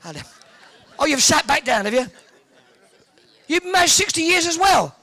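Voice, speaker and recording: Cheeky male compère, high bright voice with grit, teases the crowd. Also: big pitch swings. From Hertfordshire, England. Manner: joking, teasing, quick with quips. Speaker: host working the audience. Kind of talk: cheeky audience banter. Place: indoor event hall with a live audience.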